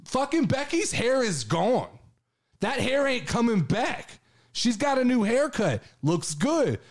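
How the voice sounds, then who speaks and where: A man hosting a casual show, ranting with excitement and plenty of swearing. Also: extremely high pitch, takes it slowly. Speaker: podcast host. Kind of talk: casual chat.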